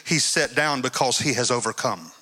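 A man's voice: medium pitch, normal speed, pushed and bright. A male preacher giving an emphatic sermon and repeating his phrases. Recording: long hall reverb.

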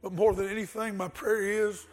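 High-voiced male pastor preaching. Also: level tone, normal speed, a little mellow, faint music behind. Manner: earnest, storytelling, rhetorical questions. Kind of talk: sermon.

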